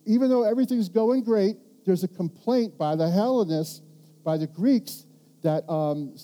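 Animated, dark-voiced pastor preaching. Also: male voice, high-pitched, moderate pace. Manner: animated, rambling, frequent restarts and rhetorical questions. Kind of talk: sermon.

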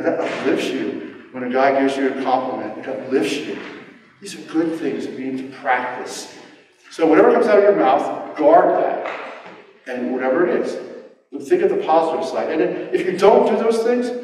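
A man preaching a casual, animated sermon to his church, acting out quotes in sudden voice jumps and poking fun at himself. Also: on the high side, moderate pace. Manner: animated, self-deprecating, acts out quotes with voice jumps. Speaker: pastor. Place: church hall. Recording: roomy hall, mic at a distance.

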